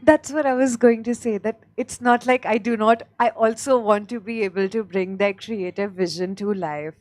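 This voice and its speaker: A woman's voice: on the high side, steady tone, normal speed, a little mellow. A woman speaking earnestly and a little hesitantly on a panel about her production work. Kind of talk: panel discussion.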